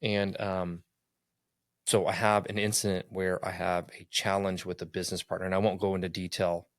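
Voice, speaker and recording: A middle-aged man telling a personal story in casual conversation, earnest and animated, acting out what people said. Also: low-pitched, moderate pace, no room sound, clean studio sound. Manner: earnest, animated, acts out quotes.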